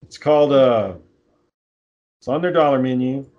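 A man's voice: mid-range voice, moderate pace, highs cut off. A man in casual chat, telling long stories with many fillers and restarts.

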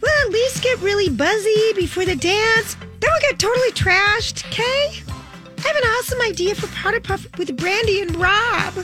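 A woman playing a manipulative, gossipy teenage girl, reading out notes in a fast, high, chirpy voice. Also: lively intonation, over music. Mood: scheming, gossipy. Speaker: actor reading old high school notes.

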